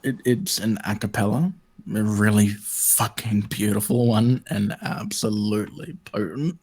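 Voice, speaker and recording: A man's voice: fairly low pitch, fairly even intonation, a little slow, a little mellow, breathy edge. A man talking as a guest in a casual online chat, emphatic and swearing for stress.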